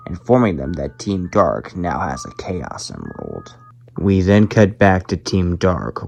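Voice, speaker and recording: Male host-narrator, low voice with vocal fry, measured storytelling recap. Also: poor audio. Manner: measured retelling, leans on "however".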